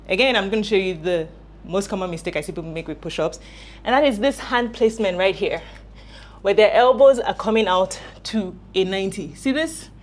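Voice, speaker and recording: A woman's voice: medium pitch, a little mellow. A woman coaching home workouts, explaining form while demonstrating exercises and getting out of breath. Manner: friendly, instructive, demonstrating exercises while talking.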